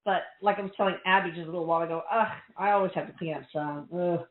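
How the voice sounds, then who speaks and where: A woman's voice: on the low side, very fast. Chatty woman on a tinny line. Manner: chatty, rambling with restarts. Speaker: radio show host. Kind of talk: casual chat. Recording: echoey, tinny phone-like line.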